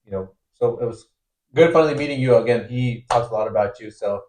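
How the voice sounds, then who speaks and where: A young man hosting a podcast, talking in a relaxed way and swearing casually. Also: mid-range voice, fast talker. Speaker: podcast host. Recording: echoey room.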